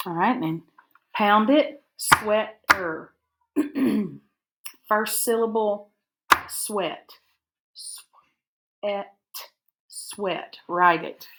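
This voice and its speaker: A woman teacher, dictating spelling words and breaking them into syllables slowly and carefully for a recorded lesson. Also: mid-range voice, lively intonation, heavy background noise. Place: recorded for an online video lesson.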